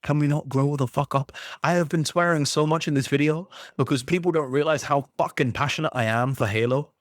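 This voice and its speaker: A man's voice: a little high, brisk, dry recording. Guy crashing out on camera about a game, cursing nonstop, dead dry sound. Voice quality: heavy swearing, exasperated ranting. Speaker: gaming YouTuber. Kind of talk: ranting video commentary.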